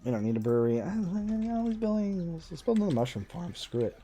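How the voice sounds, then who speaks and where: A man's voice: high voice, big pitch swings, quick pace, warm tone, slight background noise. A man streaming a game live, chatting casually in a sarcastic, self-mocking running commentary as he plays. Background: faint game music.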